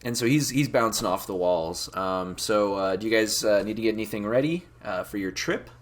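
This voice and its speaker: A man's voice: fairly low pitch, expressive, brisk. A man narrating a tabletop game as game master, talking casually with lots of fillers. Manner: casual, rambling with many fillers.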